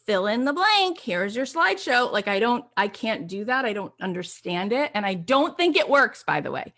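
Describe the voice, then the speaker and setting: Woman, online course host, casual talk to camera, upbeat, chatty, fairly high voice, acts out quoted lines. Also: normal speed. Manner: animated storyteller who acts out quoted lines.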